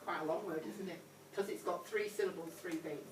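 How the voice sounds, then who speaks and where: A woman's voice: lowish voice, steady tone, brisk, noisy background. A woman teaching a primary class, encouraging and repeating her prompts, calling pupils sweetheart. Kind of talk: whole-class phonics lesson. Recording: echoey classroom from far off.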